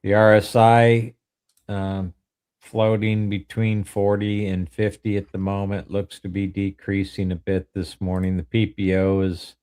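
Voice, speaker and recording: Deep, slow man reading chart indicators. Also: clean tone. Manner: steady, methodical readout of indicators. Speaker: co-host, technical analyst. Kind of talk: technical chart commentary.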